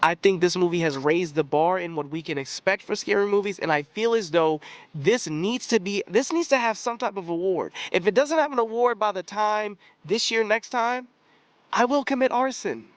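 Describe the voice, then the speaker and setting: High-pitched man raving about a film. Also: moderate pace, no room sound. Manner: animated, emphatic, repeats phrases for stress. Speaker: podcast host. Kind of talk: casual movie review monologue.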